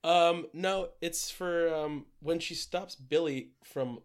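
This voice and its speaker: A man's voice: a little high, takes it slowly. Teasing man, laughing podcast co-host. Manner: teasing, laughing, swearing freely. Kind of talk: casual comedic chat.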